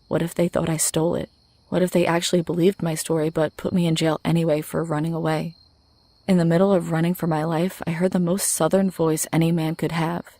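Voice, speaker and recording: A woman narrates a horror story in a low, flat voice with a gravelly rasp. Her delivery is steady and scripted, and the recording is dry and close. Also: brisk, no room sound.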